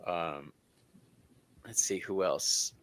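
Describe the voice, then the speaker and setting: A man hosting a live tarot stream, joking and laughing often in an animated way. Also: low voice, very slow, no room sound. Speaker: tarot reader and stream host. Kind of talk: livestream tarot chat.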